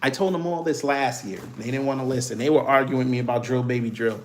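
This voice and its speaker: A livestream host with a mid-range voice moves at a quick pace, slight background noise behind him. In an African American Vernacular English accent, he gives casual political commentary and laughs while mocking and trash-talking commenters.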